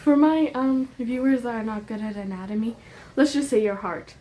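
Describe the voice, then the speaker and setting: A woman's voice: on the high side, normal speed, mellow. A young woman giving an earnest, emotional religious monologue to her viewers, repeating points with rising emphasis and dropping into casual slang asides. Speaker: faith vlogger.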